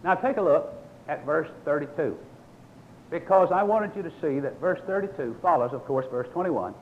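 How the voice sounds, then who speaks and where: A man's voice: on the high side, lively intonation, normal speed, narrow, tinny audio, a little hiss or hum. An older man preaching a sermon, explaining scripture in a folksy, storytelling way and reading verses aloud.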